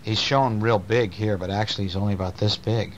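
With a lowish voice and a fairly quick delivery, this dad reads his child bedtime stories at home, keeping it playful and animated and breaking off to chat with the child. The audio is dull, with a little hiss or hum.

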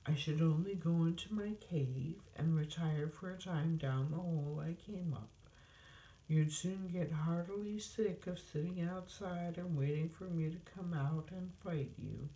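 Woman voicing a storybook dragon, talkative, shy but stubborn, slightly raised warm voice, echoey room. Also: deep voice, unhurried, pitched above the performer's own voice. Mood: polite, stubborn. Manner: nervous then firm, talkative. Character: shy, chatty, stubborn male dragon who stays home. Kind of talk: storybook read-aloud. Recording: roomy echo.

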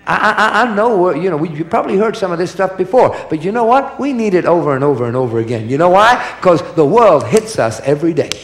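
A man's voice: high voice, big pitch swings, fast, hardly any pauses, echoey room. Guy preaching hard, voice jumps all over, says the same thing again and again, asks the crowd stuff. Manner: emphatic, repetitive, call-and-response. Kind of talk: lively sermon to a congregation.

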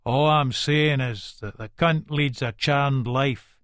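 A man's voice: fairly high pitch, animated, slow, dry recording, studio quality, voice pushed up. A man with an Edinburgh Scots accent voicing a resentful, suspicious ex-con from Leith in an audiobook. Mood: aggrieved. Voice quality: aggrieved, insinuating.

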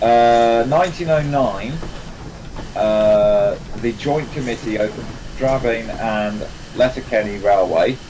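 A man's voice: medium pitch, background noise. A man hosting a live game stream, chatting casually and rambling with lots of fillers and restarts. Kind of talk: casual chat while playing a train game.

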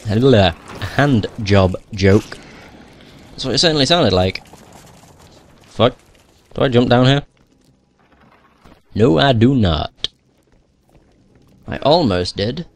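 A man's voice: mid-range voice, expressive, slow pace, long pauses. A young man giving casual gameplay commentary, swearing a lot, grumbling at the game and laughing at himself. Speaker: gamer playing through a video game.

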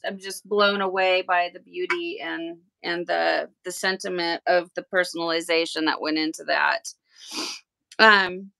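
Gushing woman with a gravelly voice. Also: medium pitch, no echo. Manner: gushing and excitable. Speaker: tie-dye livestream host. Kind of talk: casual livestream chat while unboxing.

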